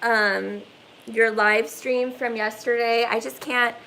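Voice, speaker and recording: A woman's voice: a little high, little pitch movement, takes it slowly, gravelly, pushed and bright, rough recording. A woman hosting a casual livestream from her phone, rambling and swearing, with lots of "like" fillers. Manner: rambling, profane, heavy "like" fillers. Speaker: livestream host.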